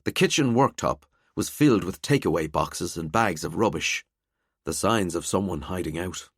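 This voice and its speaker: A man narrating a mystery thriller audiobook in a quiet, measured way. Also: low voice, lively intonation, breathy edge, dry recording, studio quality. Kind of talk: scripted narration.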